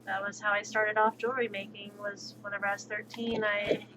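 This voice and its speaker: A woman livestreamer chatting casually and outspokenly while she plays, with quick, sassy asides. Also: medium pitch. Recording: dull lo-fi stream audio with steady background noise.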